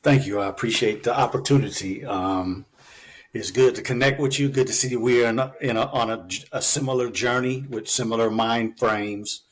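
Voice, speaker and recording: In a conversational storytelling interview on a talk show, a physician guest recounts his story casually, using many fillers. He has a medium-pitched voice with fairly even intonation and talks at a normal pace.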